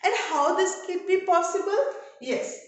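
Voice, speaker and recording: A woman with an Indian English accent teaches an English lesson in a high voice. She talks slowly, going back over her examples. The sound is very echoey, like a bare classroom. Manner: explains slowly with repeated examples. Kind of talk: classroom lecture.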